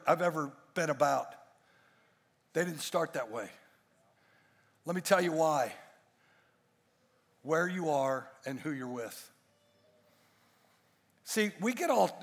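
A man preaching a sermon in a church with a high, gravelly, husky voice. He drives his points home with rhetorical questions and quips to the congregation. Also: long reverb tail. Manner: emphatic, rhetorical questions and jokes. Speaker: pastor. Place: church stage before a congregation.

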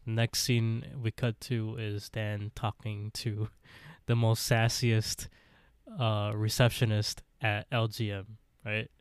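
Low-voiced man recapping a show. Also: flat delivery, takes it slowly, clear, resonant tone, dry recording, clean studio sound. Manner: laughs often, retells scenes with quoted lines. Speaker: podcast co-host. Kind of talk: casual recap chat.

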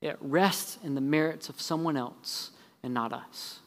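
Long reverb from the sanctuary hangs on this pastor's voice, which is pitched a little above most men's. His sermon swings between rapid, sarcastic lists full of repeated phrases and slower, deeper delivery when he reaches his main points.

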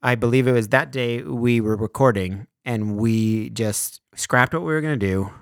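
A man co-hosting a podcast, talking casually with many restarts and pauses. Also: medium pitch, smooth, no echo, clean studio sound. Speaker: podcast co-host. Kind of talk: casual political chat.

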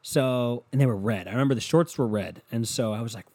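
A man's voice: mid-range voice, rapid-fire, few pauses, a little mellow, breathy edge. A young man from Ohio telling a long, rambling, profane story about his school days in a casual monologue. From Ohio, USA. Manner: profane, rambling, self-mocking.

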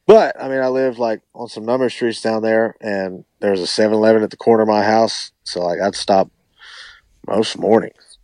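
A man, a musician guest on a podcast, chatting casually in a relaxed, rambling way with lots of hedging. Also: on the low side, moderate pace, no echo. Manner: relaxed, rambling, hedges a lot. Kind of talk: casual chat.

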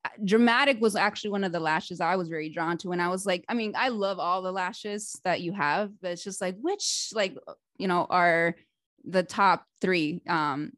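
Podcast host, woman, lively chatty delivery with frequent laughs, dry close sound. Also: on the low side, moderate pace, dry recording. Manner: animated, laughs often, chatty with restarts. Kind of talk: casual interview chat.

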